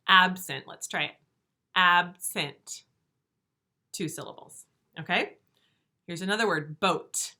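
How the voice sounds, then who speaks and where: A woman teaching first graders in a recorded video lesson, speaking slowly and clearly, stretching words out and asking patient, encouraging questions. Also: fairly low pitch, bright, forceful tone. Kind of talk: remote video lesson for young children.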